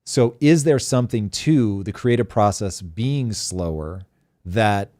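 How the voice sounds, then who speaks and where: A man's voice: lowish voice, slow, dark tone, no room sound, studio quality. A man hosting a live talk show, chatting bluntly and animatedly, swearing freely. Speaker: host. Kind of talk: casual live show chat.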